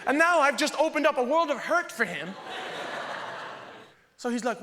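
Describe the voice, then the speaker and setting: A man from the United States doing stand-up storytelling, animated and quick. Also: extremely high pitch, long reverb tail, slight background noise. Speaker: stand-up comedian.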